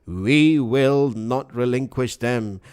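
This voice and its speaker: A man doing an impression of a furious, ranting conspiracy radio host, loud and booming. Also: slow, clear, resonant tone, lightly acted.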